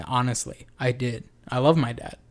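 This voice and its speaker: A man's voice: mid-range voice, fairly even intonation, normal speed. A young man co-hosting a casual chat, candid and storytelling, swearing casually. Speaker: podcast co-host.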